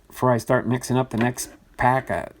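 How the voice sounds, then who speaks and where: A man hosting a live card-breaking stream, reading out names in a chatty way with sudden excited bursts. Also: medium pitch, a little fast, a little hiss or hum. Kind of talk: live box-break commentary.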